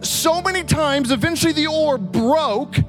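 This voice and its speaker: A man in his thirties, a pastor preaching a sermon from a stage and telling stories in an animated, vivid way. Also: very high voice, measured pace, music in the background. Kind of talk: storytelling sermon. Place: church stage.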